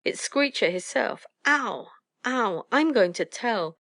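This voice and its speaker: A woman voicing squabbling little owlets with squeaky, whining voices. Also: lively intonation, slow pace, a bit bright, no room sound, clean studio sound, full character voice.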